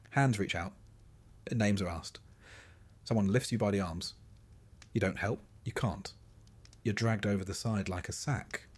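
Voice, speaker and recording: A man narrating a scripted sleep story in calm, even second-person storytelling. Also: lowish voice, slightly rough.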